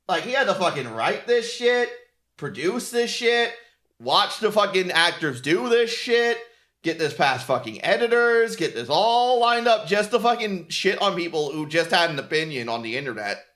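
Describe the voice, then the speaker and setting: Man, VTuber streamer, sarcastic ranting, swearing, high bright voice, lively. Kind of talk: casual stream rant.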